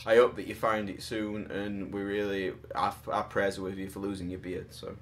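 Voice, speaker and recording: Host, man, low-ish voice, loose rambling delivery, pokes fun at himself. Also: flat delivery, normal speed. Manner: rambling, self-deprecating, jokey. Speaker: podcast host. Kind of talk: casual chat reviewing collectible statues.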